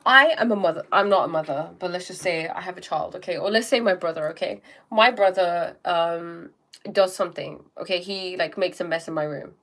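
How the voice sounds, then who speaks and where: A woman's voice: on the low side, brisk, fairly bright tone. A young woman hosting a live stream, talking casually about self-help and often checking in with "okay?". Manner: chatty, repeats "okay?" and "um", acts out little scenes.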